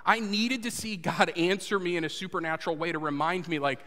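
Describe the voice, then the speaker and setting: A man preaching a sermon and telling a personal story, earnest, moving between loud urging and hushed confession. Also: high voice, fairly even intonation, a little fast. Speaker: pastor. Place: church sanctuary before a congregation. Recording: long hall reverb.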